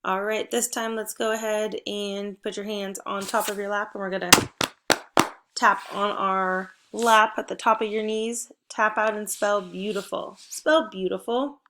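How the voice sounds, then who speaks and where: A woman teacher giving a spelling and phonics lesson to first graders, patient and encouraging, prompting with clear cues. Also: medium pitch, steady tone, a little slow, fairly bright tone, a little hiss or hum. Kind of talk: phonics lesson for young children.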